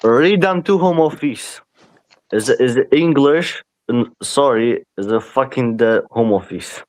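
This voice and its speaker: A Persian-native man who calls in and speaks halting, broken English with frequent apologies. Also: mid-range voice, dry recording. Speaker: caller.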